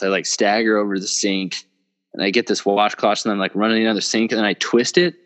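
A man's voice: fairly low pitch, fairly bright tone, big-room sound. A young man casually telling a long story, rambling and swearing, often laughing at himself. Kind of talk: casual podcast chat.

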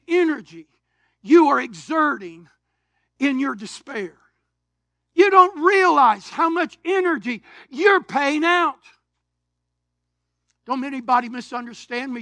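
A man, preaching a sermon in a church, animated storytelling that swings from shouts to quiet asides. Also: extremely high pitch, no room sound. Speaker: pastor. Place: church sanctuary.

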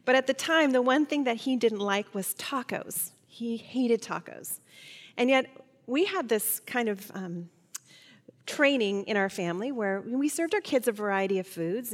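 A woman's voice: medium pitch, big-room sound. A middle-aged woman teaching a Bible study lesson, telling personal stories in a chatty way, with fillers and restarts.

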